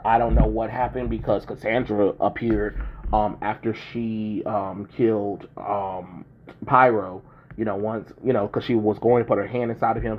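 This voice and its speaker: A man's voice: fairly low pitch, slight background noise. A young man casually recapping a film's plot, rambling with many ums and restarts. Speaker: movie reviewer. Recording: dull lo-fi recording.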